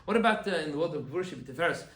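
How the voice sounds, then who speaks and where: A man, a rabbi, giving an animated Torah class and acting out quoted complaints. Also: on the high side, rapid-fire, reverberant.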